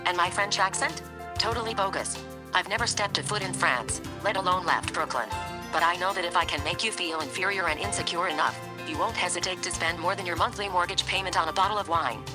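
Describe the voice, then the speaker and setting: A woman's voice: lowish voice, fairly quick, natural voice. A woman voicing a sommelier's blunt true inner voice, talking in a brash, mocking way. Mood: smug. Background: music bed.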